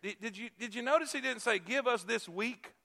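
Guy preaching in church, voice sits high, repeats stuff for emphasis. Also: a little fast, creaky. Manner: emphatic preaching, repeats key phrases, swings from loud to hushed. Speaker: pastor. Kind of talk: sermon.

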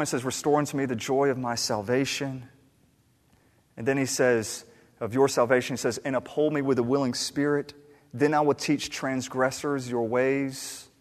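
Male pastor, mid-range voice, preaching with big dynamic swings; long reverb of a hall. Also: mid-range voice. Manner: dramatic, swings from hushed to shouting. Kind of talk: sermon.

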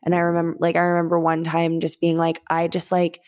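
A woman's voice: fairly low pitch, monotone, brisk, darkish tone. A woman co-hosting a podcast, telling a personal story openly with many fillers. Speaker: podcast co-host. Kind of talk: casual chat.

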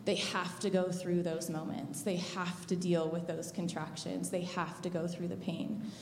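A woman's voice: lowish voice, little pitch movement, unhurried, a little hiss or hum. A woman who supports mothers through labor, speaking earnestly and reflectively with frequent fillers in a church interview. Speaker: labor support worker at births. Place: church auditorium. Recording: echoey hall with long reverb.

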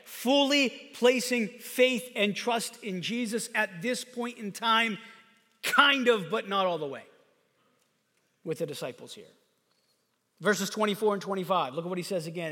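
A man preaching a sermon in a conversational, animated way that builds to fervent emphasis. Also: high voice, a little slow. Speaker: pastor. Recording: long hall reverb.

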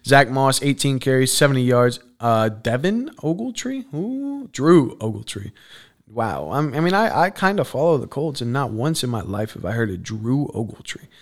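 A man's voice: medium pitch, very animated, moderate pace. A young man hosting a casual sports podcast, reading off stat lines and then riffing in loose slang. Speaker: podcast host.

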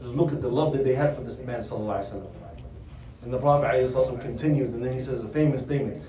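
Mellow-voiced man lecturing in a roomy hall. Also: medium pitch, very fast. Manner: asks rhetorical questions and answers them. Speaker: religious teacher. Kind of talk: religious lecture retelling a story. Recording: roomy sound from a distant mic.

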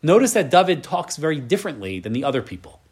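Speaking fast in a husky, fairly high voice, a Torah teacher reads Bible verses in Hebrew and explains them in English. He's animated and keeps checking in with his class by tagging "right?" onto his points.

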